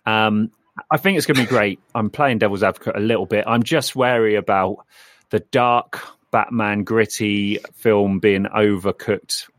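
A man co-hosting a casual film podcast, talking in a measured, hedging way. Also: on the low side, a bit bright, no room sound. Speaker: podcast co-host.

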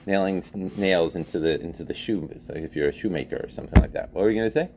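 Animated male teacher quizzing students. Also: deep voice, fast. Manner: animated, questions students, repeats phrases. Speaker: teacher of a Jewish text class. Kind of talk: interactive class lecture.

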